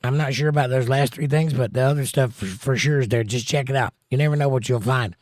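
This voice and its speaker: A man hosts a relaxed livestream from a home setup, greeting viewers and reading their comments aloud. His voice sits in a middle register and he slips in puns and wisecracks. The sound is close and dry with no room around it. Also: mid-range voice, no echo. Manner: jokey, chatty, quick to pun. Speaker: livestream host.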